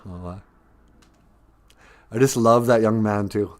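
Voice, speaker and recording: A man's voice: lowish voice, slow pace, darkish tone. Chuckling male live stream host. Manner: chuckles often, reflective, thinks aloud. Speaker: live stream host reading viewer comments. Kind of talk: casual live stream chat.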